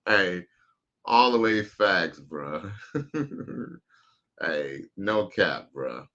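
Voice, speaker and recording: A man with a very low voice chats casually on his live stream, reading viewer comments and riffing in relaxed slang. His voice comes through muffled and dull. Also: drawn-out words. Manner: laid-back slangy banter, reads chat aloud.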